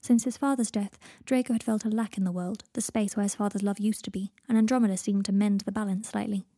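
A woman narrating a story aloud in a steady storytelling way. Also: medium pitch, quick pace, dry recording, studio quality. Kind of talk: audiobook reading of fan fiction.

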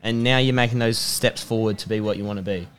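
A man's voice: on the low side, fairly even intonation, quick pace, a bit bright, clean tone. A young man, a podcast guest giving an emphatic, repetitive pep talk. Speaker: podcast guest, personal trainer and rugby player. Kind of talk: motivational casual chat.

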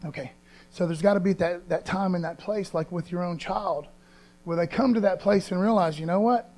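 Folksy high-voiced preacher. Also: male voice, normal speed, darkish tone, poor audio. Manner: folksy, conversational preaching with emphatic scripture reading. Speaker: pastor. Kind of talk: sermon.

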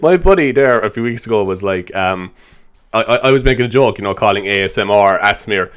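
A man's voice: fairly low pitch, lively intonation, fairly quick, a bit bright, clear, resonant tone. A man hosting a comedy show, rambling through an improvised monologue in a self-mocking way and laughing often.

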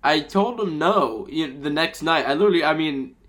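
A man's voice: on the high side, expressive, moderate pace, fairly bright tone. A young man hosting a podcast, telling a crude story in a rambling way with lots of fillers. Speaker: podcast host. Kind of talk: casual podcast chat.

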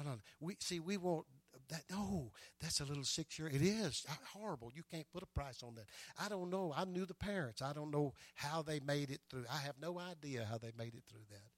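Older pastor man preaching, keeps saying amen, bit high voice, dry close sound. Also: no room sound. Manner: storytelling preacher, repeats words and adds "amen" often. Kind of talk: sermon.

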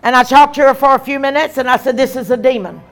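A woman evangelist, preaching an emphatic, animated sermon with repeated lines. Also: high voice, quick pace.

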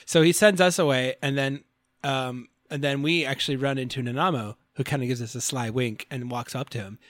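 A man's voice: medium pitch, brisk, no room sound. A man co-hosting a podcast, casually recapping a game's story and laughing often as he acts out characters' lines. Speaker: podcast co-host. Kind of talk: casual game recap chat.

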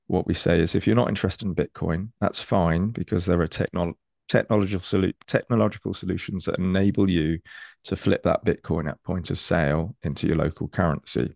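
A man's voice: deep voice, creaky, a little mellow, no echo, clean studio sound. A man, an enthusiastic and persuasive consultant explaining ideas on a video call. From United Kingdom. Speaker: Bitcoin consultant.

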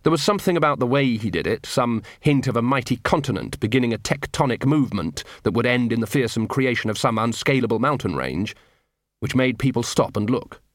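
Male narrator, wry and expressive, animated delivery, dead dry booth. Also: medium pitch, a little fast, no room sound. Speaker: audiobook narrator. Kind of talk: audiobook narration.

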